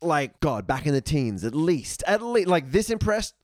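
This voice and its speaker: A man's voice: on the high side, big pitch swings, moderate pace, no echo, clean studio sound. A man chatting as a podcast guest, enthusiastic and emphatic. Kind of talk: casual podcast review chat.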